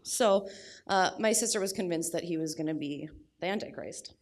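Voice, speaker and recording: A young adult woman telling a personal story at a live storytelling event, blunt and crude with deadpan humor. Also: lowish voice, moderate pace, a little hiss or hum.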